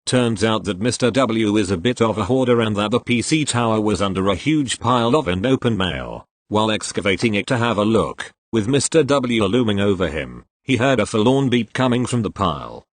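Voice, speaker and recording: A man's voice: fairly low pitch, animated, brisk, few pauses, no echo. A man reading tech-support stories aloud with a dry storytelling delivery, giving quoted lines small voice shifts. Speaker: narrator reading posts aloud.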